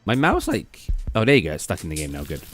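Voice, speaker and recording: A British man streaming from his gaming setup, chatting loosely and answering viewers as he goes. His pitch swings a lot, rising and dipping with every remark. Faint music plays softly underneath. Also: wildly swooping pitch, fast talker. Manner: rambling, chatty, reads out and answers viewer messages. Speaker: live streamer. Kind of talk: casual live-stream chat. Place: indoors at a gaming computer.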